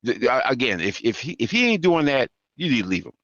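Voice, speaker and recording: A man co-hosting a podcast, retelling stories in casual chat, exasperated and quick to laugh. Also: medium pitch, sing-song, fairly bright tone, no echo, lo-fi sound. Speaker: podcast co-host.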